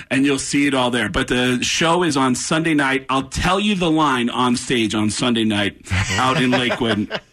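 A man, a comedian on a radio show in the studio, telling animated stories and acting out the people in them. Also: mid-range voice, moderate pace. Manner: excitable, acts out voices in the story. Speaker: comedian guest.

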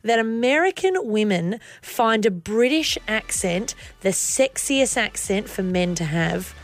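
A woman's voice: mid-range voice, lively intonation, a little slow, faint music behind. Chatty Australian woman radio co-host. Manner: chatty, bubbly, reads news items. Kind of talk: morning radio banter. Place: radio studio.

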